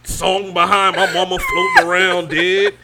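High, lively man telling a story. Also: measured pace. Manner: animated storytelling, laughing, mimicking voices and sounds. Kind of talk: casual chat.

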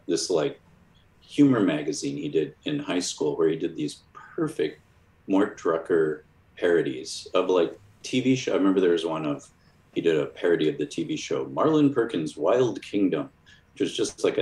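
A man from Chicago, a cartoonist guest, telling casual rambling stories full of fillers and restarts. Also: very deep voice. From Chicago, USA. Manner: rambling, many fillers and restarts, lively quoted voices. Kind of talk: casual storytelling. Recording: roomy echo.

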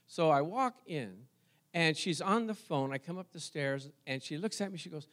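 A man preaching a sermon, telling a personal story to his congregation in an animated way and talking directly to them. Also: high-pitched, normal speed.

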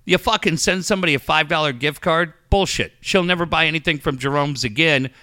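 A man's voice: on the high side, brisk, bright, forceful tone, no echo, clean studio sound. A man hosting a podcast, ranting and telling stories in casual, profane chat and mocking other people's voices. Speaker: podcast host.

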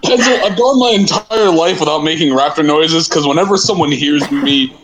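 A man's voice: fairly high pitch, normal speed, fairly bright tone, slight background noise, poor audio. A man who is a podcast guest, chatting enthusiastically and swearing casually. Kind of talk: casual chat.

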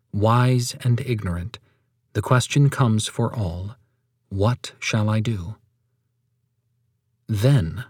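A man reading a sermon aloud in a measured, solemn and emphatic way. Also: mid-range voice, breathy edge, dry recording, studio quality. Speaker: reader of a sermon.

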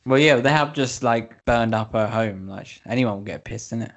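Slangy man with gravelly voice. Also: medium pitch. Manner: slangy, quick to react. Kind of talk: casual podcast chat.

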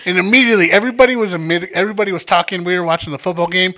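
A man's voice: sits high, rapid-fire, few pauses, sharp tone, poor audio. A man co-hosting a casual chat, telling profane, laid-back stories and laughing along.

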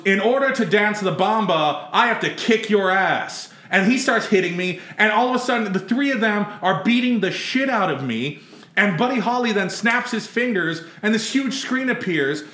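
Bright-voiced man telling a rambling story. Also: high voice, roomy sound. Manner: rambling, laughing, swearing freely. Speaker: podcast co-host telling a story. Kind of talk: casual comedic storytelling.

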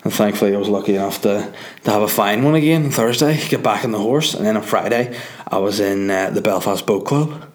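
A man's voice: lowish voice, fairly quick. A man with a Northern Irish accent, a comedian hosting his podcast, rambling and joking in a sleepy late-night monologue. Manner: rambling, joking, swearing freely. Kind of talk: casual monologue.

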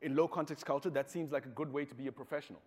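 A man's voice: fairly high pitch, fairly even intonation, racing, darkish tone. Zimbabwean man, talk speaker, storytelling style, hall reverb. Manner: storytelling, acts out quoted voices. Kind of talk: talk to an audience.

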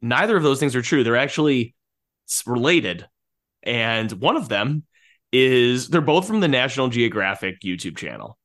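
A man's voice: mid-range voice, sing-song, normal speed, fairly bright tone. A man co-hosting a podcast, talking casually and animatedly about a film, laughing often and restarting his sentences. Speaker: podcast co-host.

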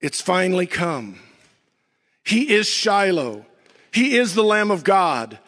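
A man pastor preaching a sermon, swinging from near-shouts down to low, slow emphasis with dramatic pauses. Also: very animated, big-room sound.

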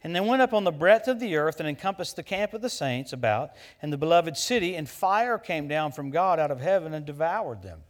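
A middle-aged man from the United States preaching a sermon, telling stories in an animated way that turns loud at the punchlines. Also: fairly high pitch, a little fast, few pauses. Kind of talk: sermon with personal story.

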